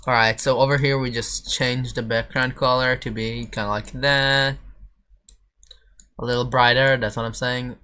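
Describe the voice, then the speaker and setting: A man's voice: medium pitch, flat delivery, normal speed, sharp tone, clear, resonant tone. A man streaming casually while building a game level, rambling and chatting back to his viewers. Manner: rambling, answering chat, mangling French phrases.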